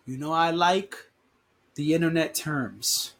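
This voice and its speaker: A man with a somewhat high, husky voice, stuffed up from allergies and sniffling. He hosts a casual solo podcast, speaking in a conversational, emphatic way and breaking into news items with quick asides. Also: fairly bright tone. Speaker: podcast host.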